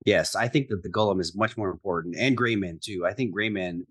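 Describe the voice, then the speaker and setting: A man co-hosting a podcast in casual chat, relaxed as he explains details from the books. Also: low voice, brisk, faint music behind. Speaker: podcast co-host.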